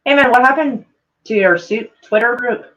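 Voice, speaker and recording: A woman's voice: on the high side, normal speed, a bit bright, voice pushed up, lightly acted. A woman trying out a Scottish accent while reading a message aloud; her attempt keeps slipping into an Irish-sounding twang. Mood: tentative. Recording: dull lo-fi sound.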